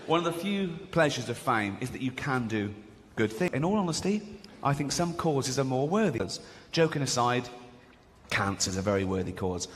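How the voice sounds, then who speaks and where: A man doing a stand-up comedy routine, chatty and mocking, laughing at his own jokes. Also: medium pitch. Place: large theatre with live audience. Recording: echoey hall with audience noise.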